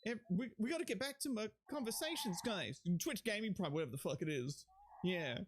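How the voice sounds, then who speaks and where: A man with a high-pitched, expressive voice talks briskly on a live stream, rambling, joking and swearing freely as he shouts out and thanks viewers. His voice sounds a bit strained and sore, with music playing underneath.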